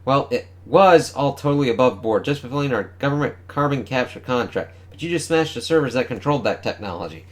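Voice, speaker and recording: A man's voice: mid-range voice, lively intonation, fairly quick, few pauses, close to an everyday voice. A smug male villain who boasts about his grand scheme in a glib, bored tone, read aloud by a man reviewing a comic. He sits in the middle of a man's range. The tone is casual, without much acting.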